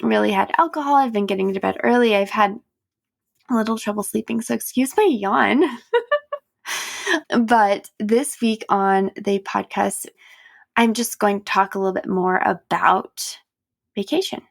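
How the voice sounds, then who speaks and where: A woman in her thirties talks through a relaxed solo podcast episode, candid and chatty with frequent laughs. Her voice carries a gravelly fry. The sound is dry and close, with no room around it. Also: mid-range voice, normal speed, no room sound. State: tired and yawning. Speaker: podcast host. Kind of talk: casual solo podcast chat.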